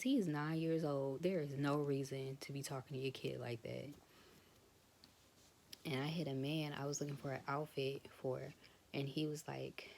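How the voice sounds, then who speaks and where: Low creaky-voiced woman talking frankly. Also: steady tone, normal speed, slight background noise. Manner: frank, conversational, drifts into soft whispers. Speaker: vlogger. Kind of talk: casual personal talk to camera.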